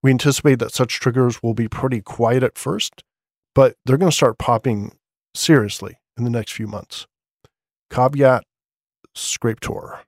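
A podcast host runs through tech news loosely and conversationally, throwing in asides like a casual newsletter. His medium-pitched voice is steady and moderately paced. It's recorded on a studio condenser microphone with no echo.

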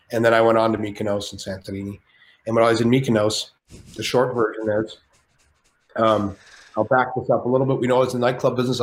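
A man telling a story as a podcast guest, animated and rambling, with plenty of swearing. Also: fairly low pitch, reverberant, a little hiss or hum. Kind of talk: casual storytelling.

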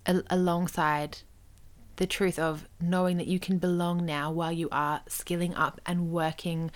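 A woman's voice: on the low side, level tone, measured pace. A woman hosting her own podcast, talking casually and reflectively about belonging in business, with small asides. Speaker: podcast host. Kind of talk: casual solo podcast talk.

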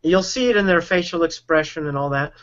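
In a conversation, a man who coaches relationships and sales explains a technique with earnest energy, performing the quoted speech. He speaks fairly quickly in a slightly high, somewhat bright voice, captured on dull lo-fi audio.

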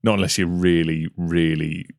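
A man's voice: low voice, level tone, moderate pace, a little mellow, no echo, studio quality. A man co-hosting a casual podcast over an online voice call. He jokes and laughs often. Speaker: podcast co-host.

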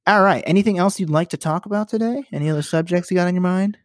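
A young man co-hosting a podcast, talking basketball in a relaxed, agreeable way, full of "like" and "you know". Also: sits high, fast, dry recording, studio quality. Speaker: podcast co-host. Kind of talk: casual sports chat.

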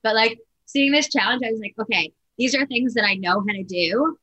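A woman's voice: on the high side, animated, a little fast, sharp tone, husky, low-quality recording. A woman guest speaks candidly and casually, swearing now and then and laughing at herself. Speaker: competitor guest. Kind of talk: casual chat.

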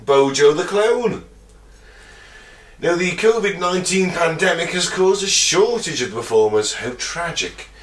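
A man co-hosting a casual comedy podcast, swearing freely, laughing often and playing up mock outrage. He is recorded from a distant mic in a roomy space. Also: medium pitch. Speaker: podcast co-host.

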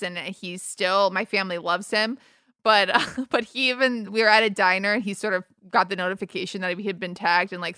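A woman's voice: medium pitch, pushed and bright, clean tone, no echo, clean studio sound. A young woman co-hosting a casual chat, upbeat and chatty, laughing easily. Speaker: podcast co-host.

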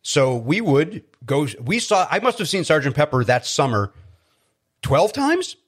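Animated man telling stories. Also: a little high, a little slow. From Chicago. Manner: animated, self-deprecating, many restarts. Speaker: guest comedian. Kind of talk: casual storytelling.

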